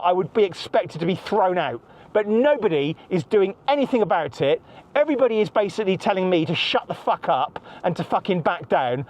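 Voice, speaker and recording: Middle-aged man, podcast host, stressed and agitated, swearing rant in a fairly high voice. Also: darkish tone, slight background noise. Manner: angry, heavy swearing, repeats himself. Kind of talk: ranting monologue.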